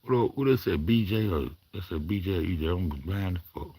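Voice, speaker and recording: A man's voice: sits low, expressive, a little fast, warm tone, husky, dry recording. A man hosting his own commentary vlog, rambling and swearing as he talks back at the footage on screen. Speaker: commentary vlogger. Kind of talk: profane reaction commentary.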